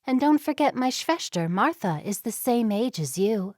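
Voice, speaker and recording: A woman voicing a kind young Amish woman in an audiobook, speaking softly and reassuringly. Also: a little high, expressive, moderate pace, no room sound, clean studio sound. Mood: gentle.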